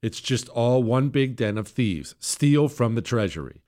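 A hoarse male talk radio host in mid-rant. His voice sounds worn and close to giving out, but he keeps pushing, punching some words up high and loud, then dropping into sarcastic asides. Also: expressive, a little slow. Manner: emphatic, sarcastic, swings between loud jabs and low mutters. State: hoarse, voice nearly gone. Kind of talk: opinionated political talk radio monologue.

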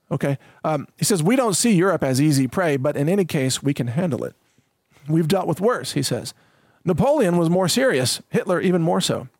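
A man delivers solo commentary in a fairly high voice, reading out quotes and then riffing on them. His talk is emphatic and loose, full of fillers and asides. The sound is dry and close, with no room around it. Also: no room sound. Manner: emphatic, conversational with frequent fillers. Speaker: political commentator.

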